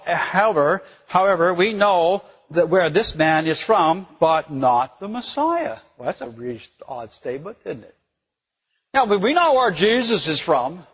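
A man with a high, husky voice teaches from scripture in sermon style. He surges into loud, emphatic declarations and then sinks back to a quiet, reflective tone, tripping over words as he goes. The recording is muffled and lo-fi, with a long hall reverb. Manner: stumbles over words and laughs at himself. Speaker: preacher.

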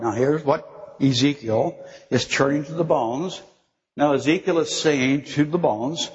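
A man's voice: medium pitch, unhurried, long pauses, husky. An older man giving a chatty, informal sermon, acting out voices in the stories and laughing often. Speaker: preacher. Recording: dull recording with long hall reverb.

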